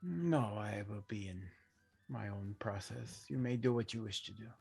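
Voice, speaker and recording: A man playing a calm, gravelly spiritual healer. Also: lowish voice, normal speed. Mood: serene. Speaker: player. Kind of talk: in-character tabletop role-play.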